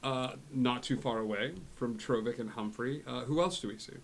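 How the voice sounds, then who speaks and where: A man narrating a tabletop game as game master, slowly and with many fillers. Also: medium pitch, gravelly, a little hiss or hum.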